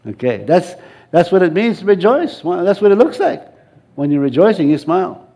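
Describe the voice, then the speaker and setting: A male pastor preaching a sermon in a church, lively and coaxing the congregation to answer back and join in. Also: sits high, moderate pace, husky.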